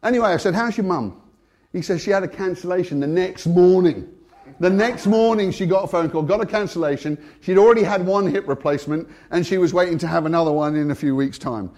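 A British man giving a testimony sermon, storytelling with energy and laughing often, swinging between hushed and loud. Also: sits high, a little fast. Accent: British English. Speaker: Christian speaker.

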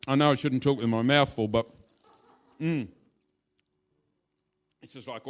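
A man's voice: medium pitch, expressive, normal speed, long pauses. A male pastor preaching a sermon in a church, informal and playful, acting out little scenes as he teaches. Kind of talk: sermon with a live demonstration.

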